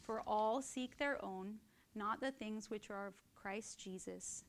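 A woman teaching from the Bible in a conversational way, often checking in with "right?" and getting lively and laughing as she tells stories. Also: mid-range voice, takes it slowly. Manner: animated and laughing while telling stories.

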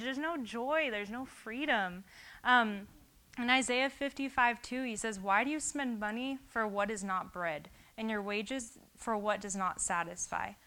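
A woman's voice: mid-range voice, bright, forceful tone, clear, resonant tone. A woman giving an informal sermon, talking earnestly and conversationally and reading scripture aloud. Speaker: Bible study teacher.

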